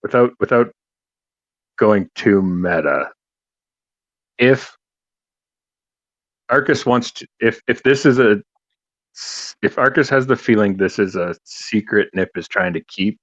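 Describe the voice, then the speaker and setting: A man playing a tabletop game, speaking in a hesitant, halting way, on a dull, dry home mic. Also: lowish voice, expressive, no echo. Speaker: player. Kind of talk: casual tabletop role-play.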